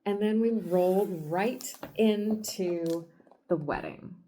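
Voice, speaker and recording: Unhurried woman retelling a comic. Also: mid-range voice, slight background noise. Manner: animated storytelling, laughing often. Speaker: podcast host. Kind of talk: retelling a comic book on a podcast.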